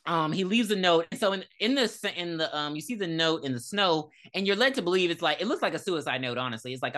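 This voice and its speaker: A woman in casual podcast chat, recapping a film with profane, dramatic storytelling. Her voice is bright and ranges widely in pitch, sitting slightly low for a woman. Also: fast talker, hardly any pauses. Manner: animated, profane storytelling with dramatic quoted lines. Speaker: podcast co-host. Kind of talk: casual movie review chat.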